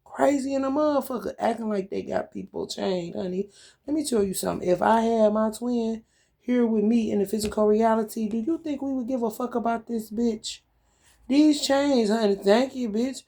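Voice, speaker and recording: Woman tarot vlogger, gravelly, emphatic and salty, laughs easily. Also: a little high, normal speed, mellow. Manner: blunt, profane, emphatic, often laughing. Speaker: tarot reader. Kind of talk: casual spiritual tarot reading vlog.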